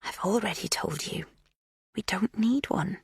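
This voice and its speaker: A narrator voicing an unhinged woman who talks in a plaintive, hushed, sometimes whispered way. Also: fairly high pitch, huge pitch swings, slow pace, husky, dry recording, studio quality, voice pushed up, heavily acted. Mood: menacing hush.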